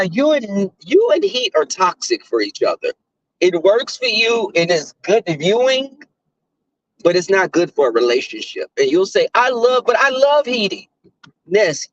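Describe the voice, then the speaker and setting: A man hosting a casual commentary chat, telling stories in a profane, animated way. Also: high voice, dry recording, highs cut off.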